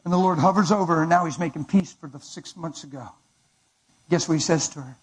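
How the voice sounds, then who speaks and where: Husky high-voiced male preacher. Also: quick pace, rough recording. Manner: emphatic dramatic storytelling. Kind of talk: sermon testimony.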